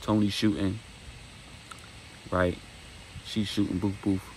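A man's voice: sits low, flat delivery, takes it slowly, a little mellow, a little hiss or hum, rough recording. A man casually retelling a dramatic story, acting out dialogue and making sound effects.

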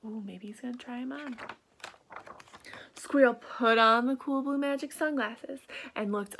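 A woman reading a children's picture book aloud, gasping and dropping into soft whispered asides and asking her young listeners questions. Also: high-pitched, normal speed.

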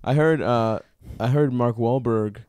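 A man's voice: mid-range voice, unhurried, darkish tone, clean tone, no room sound. A man co-hosting a comedy podcast, trading crude, sarcastic jabs in casual banter. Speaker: podcast co-host.

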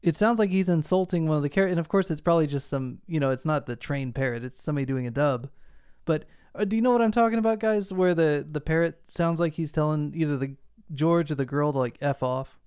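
Man, podcast co-host, wry deadpan jokes, smooth resonant voice, dry close sound. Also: a little high, fast, no echo. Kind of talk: casual podcast chat.

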